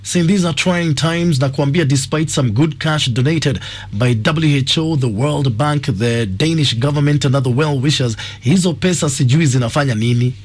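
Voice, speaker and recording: Husky-voiced Kenyan radio host. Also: male voice, on the high side, moderate pace, no echo. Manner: reads listener messages aloud, brief replies. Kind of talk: radio call-in show.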